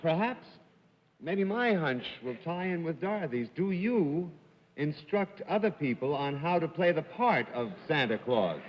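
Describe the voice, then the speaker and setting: A man's voice: fairly high pitch, sing-song, a little slow, a little hiss or hum. A man on a quiz panel, hedging and hesitating as he works up to a guess. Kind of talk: guessing-game questioning. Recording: lo-fi 1950s TV broadcast with hall reverb.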